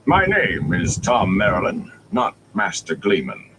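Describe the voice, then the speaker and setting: A man voicing a grand, scornful old traveling bard with a theatrical, dry and mocking manner, over steady background noise. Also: lowish voice, unhurried. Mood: showy.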